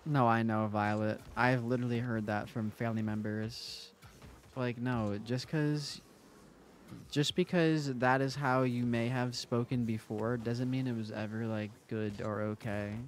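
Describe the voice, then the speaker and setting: A young man live-streaming a game, his voice sitting at an ordinary middle pitch. He talks loosely and jokingly to his chat, teasing viewers and tossing off quick asides while he plays. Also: steady tone, slight background noise.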